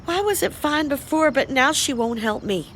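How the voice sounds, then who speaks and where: A weary, downcast young woman , played by an actress in an audio drama. Her high voice is soft and hushed. Faint hiss and crickets sit behind her. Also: lively intonation, moderate pace. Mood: distressed. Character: downcast, broke young woman with a gambling habit.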